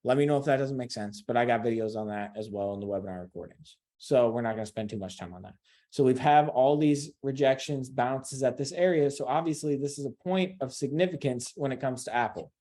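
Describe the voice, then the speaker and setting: Male trading instructor, mid-pitched, casual and chatty screen-share delivery. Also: fairly quick, dark tone. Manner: conversational and repetitive, addresses viewers directly.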